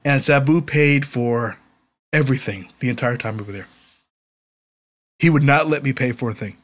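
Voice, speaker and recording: A man's voice: medium pitch, normal speed, fairly bright tone. Male podcast co-host, casual storyteller, mid-range voice. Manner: storytelling, laughing at old road stories. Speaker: podcast co-host, former wrestler. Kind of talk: casual chat.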